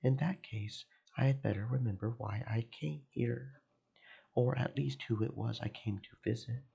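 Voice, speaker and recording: A man streaming a let's play, reading first-person visual novel narration aloud in a slow, emotive way with game music behind. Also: mid-range voice, steady tone, vocal fry, dark tone, breathy edge, highs cut off. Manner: slow, emotive reading that swells into panicked repetition.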